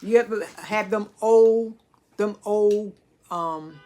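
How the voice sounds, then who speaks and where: A woman's voice: mid-range voice, takes it slowly, dark tone. A woman on a live stream, chatting casually in a folksy, nostalgic way with many agreeing asides. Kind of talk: casual chat.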